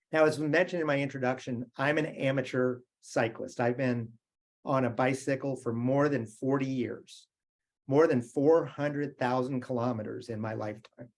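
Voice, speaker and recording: A man's voice: medium pitch, gravelly. A middle-aged man from the United States giving a motivational keynote, telling stories in a conversational way and asking the audience questions. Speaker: keynote speaker.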